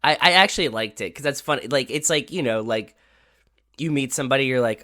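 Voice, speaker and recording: A man's voice: mid-range voice, fairly quick, bright, forceful tone. A man co-hosting a podcast in casual chat, rambling with lots of fillers and swearing casually. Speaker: podcast co-host.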